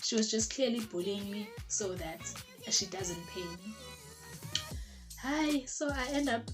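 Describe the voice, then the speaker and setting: A young South African woman telling a casual storytime, chatty and animated, slipping in isiZulu phrases and lots of "like". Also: medium pitch, unhurried. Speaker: vlogger. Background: background music.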